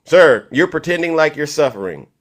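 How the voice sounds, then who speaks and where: A man's voice: fairly high pitch, big pitch swings, normal speed. A middle-aged man hosting a heated political argument, combative and cutting in by repeating the other person's name. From California. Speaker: live-stream debate host.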